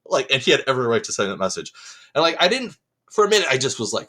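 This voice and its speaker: A man's voice: mid-range voice, sing-song, fast talker, sharp tone. A young man co-hosting a podcast, telling a long rambling story in casual chat and swearing freely. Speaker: podcast co-host.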